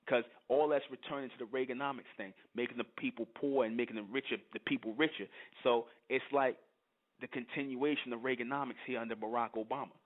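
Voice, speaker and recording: A blunt, profane man reads old scripture verses aloud and breaks off to comment on them, stumbling and restarting over the archaic wording. He keeps pressing his listeners with "you understand?" His medium-pitched voice comes through a narrow, tinny, phone-like sound. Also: steady tone, a little fast. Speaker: channel host.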